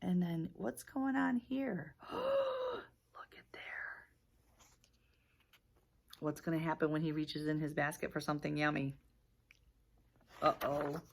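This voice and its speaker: A woman teacher reading a picture book aloud to young children, with lively gasps and questions. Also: sits low, normal speed, gravelly. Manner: animated storytelling, gasps and asks questions. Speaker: preschool teacher.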